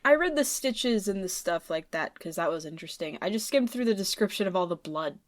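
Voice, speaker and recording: A woman's voice: medium pitch, expressive, a little fast. A woman co-hosting a casual book discussion podcast, reacting candidly and briefly.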